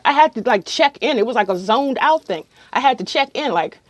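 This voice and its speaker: A woman's voice: a little high, animated, fairly quick, hardly any pauses, no echo. A middle-aged woman casually telling a long, rambling story to camera with many ums. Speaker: vlogger.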